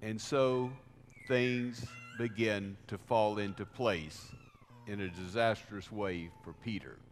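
Man, pastor, slow deliberate sermon, emphatic swells, long church reverb. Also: lowish voice, a little hiss or hum. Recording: reverberant hall sound.

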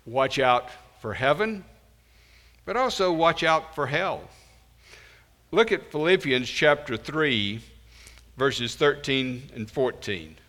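A man preaching a sermon in a church, slow and emphatic, with sudden loud rises on key words. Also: medium pitch, expressive. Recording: long reverb in a large hall.

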